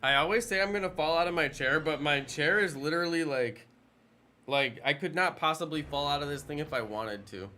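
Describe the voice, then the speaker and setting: A man's voice: fairly high pitch, fairly quick, sharp tone, a little hiss or hum. A man in his thirties chatting casually on a live stream while gaming, joking and answering chat questions.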